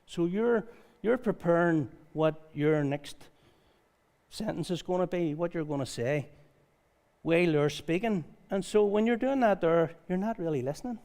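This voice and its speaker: At normal speed, a pastor preaches conversationally during a church service, his voice a touch higher than average. He goes back and forth between reading scripture out loud and telling stories with informal energy.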